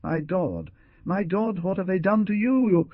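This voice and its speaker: A man's voice: mid-range voice, sing-song, normal speed, breathy edge, dry recording. A man voicing an anguished pleading young woman. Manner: pleading, horrified outcries. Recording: dull lo-fi dry recording.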